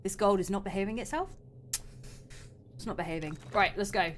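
A young adult woman hosting a live game stream, commentating excitedly and laughing often. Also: mid-range voice, fairly quick, slight background noise. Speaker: streamer host.

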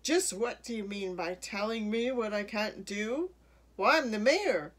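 A pompous storybook town mayor, as a woman reading aloud puts him on, puffed up and blustering. His voice rises high and booms out loudly when he lays down the law. The reading moves unhurriedly. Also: lively intonation, measured pace, full character voice. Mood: indignant. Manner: blustering, loud and commanding. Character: pompous self-important male town mayor.

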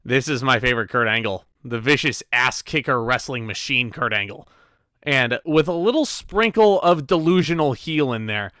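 A man's voice: mid-range voice, animated, normal speed, bright, forceful tone, smooth, no room sound. A man cohosting a podcast, giving opinionated takes on a wrestling show, full of ums. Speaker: guest cohost. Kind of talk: casual wrestling review chat.

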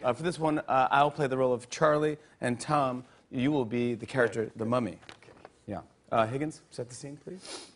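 A man hosting a late-night comedy show and reading a kid's sketch on stage, excitable and hammy. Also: medium pitch, moderate pace. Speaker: talk show host. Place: TV studio stage with audience. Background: studio audience and band music.

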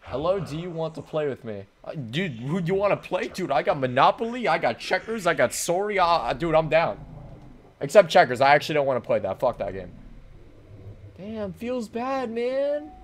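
A young man doing let's play commentary, hyper and rambling, joking around and breaking into sudden loud outbursts. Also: a little high, animated, fast, a little hiss or hum. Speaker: gaming commentator. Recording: faint game music behind.

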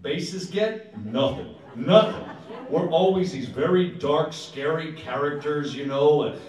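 A man's voice: fairly high pitch, measured pace, a little mellow. A man, a singer and entertainer, chatting between songs at a live show with jokey, self-mocking banter. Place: performance hall. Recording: echoey hall, distant mic, live music.

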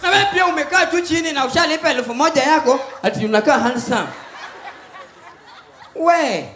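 High-voiced Kenyan stand-up comic. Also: male voice, lively intonation, a little fast, slight background noise. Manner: loud, mixes Swahili and English, acts out voices. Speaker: stand-up comedian. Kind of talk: stand-up comedy set. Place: live comedy stage with audience. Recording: echoey live venue with faint ambience.

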